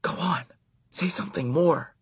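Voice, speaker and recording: A man's voice: fairly high pitch, normal speed, husky, dry recording, lo-fi sound, pitched above the performer's own voice. A man voicing a curious young boy who speaks in a raised voice. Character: curious young boy, doubtful then amazed.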